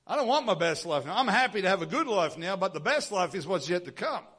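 A pastor preaching a sermon, retelling a scripture story with lively acted-out dialogue. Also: male voice, high-pitched, fast talker, breathy edge.

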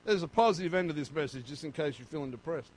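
A man preaching a sermon as pastor, swinging between loud, fervent passages and quiet, low stretches. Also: animated, quick pace, poor audio.

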